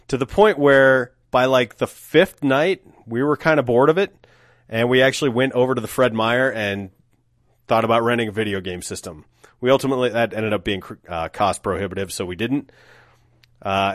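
A man's voice: medium pitch, dry recording, clean studio sound. Wry, profane man telling stories. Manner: profane, wry, filler-heavy storytelling. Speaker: solo podcast host. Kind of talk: casual storytelling monologue.

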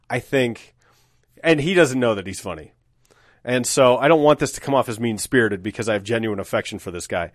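A man in his thirties telling stories on a solo show, wry and profane, full of filler words. His pitch sits in an ordinary middle range, and the recording is dry and close with no room sound. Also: no echo. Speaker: solo podcast host. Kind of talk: casual storytelling monologue.

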